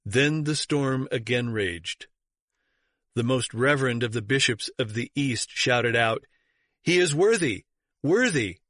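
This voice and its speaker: A man reading church history aloud as an audiobook narrator, measured and even, lifting his voice for the quoted shouts. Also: mid-range voice, no room sound, clean studio sound. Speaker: reader.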